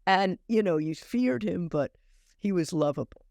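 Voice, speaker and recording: A woman's voice: lowish voice, creaky, dry recording, studio quality. An older woman, an acting teacher, talking as a podcast guest and telling anecdotes with many restarts and acted-out dialogue. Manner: animated, halting restarts, acts out dialogue in stories. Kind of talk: anecdotal storytelling in conversation.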